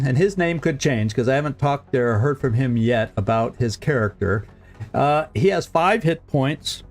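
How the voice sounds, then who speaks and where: A man's voice: mid-range voice, darkish tone. A man streaming a strategy game, talking casually to his viewers, often chuckling and repeating words as he thinks aloud. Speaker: gaming streamer. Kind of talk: casual let's-play commentary.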